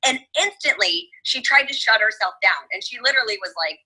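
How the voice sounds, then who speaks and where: A woman host talks in an animated, emphatic way and keeps speaking straight to her listeners. Her voice is very bright and sharp, with a husky edge, and her pitch sits a little high. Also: brisk, poor audio. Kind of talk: casual chat.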